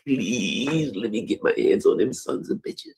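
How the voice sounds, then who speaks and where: A man's voice: fairly low pitch, expressive, measured pace, creaky, darkish tone, breathy edge, pitched above the performer's own voice, exaggerated voice. A man putting on an eager, pleading fighter. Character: eager pleading militia fighter, straining to attack.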